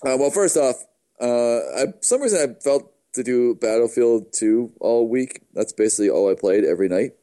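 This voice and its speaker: A man's voice: mid-range voice, lively intonation, normal speed, mellow. Easygoing man meandering through game talk. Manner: easygoing, meandering, self-correcting. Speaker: podcast co-host. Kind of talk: casual gaming chat.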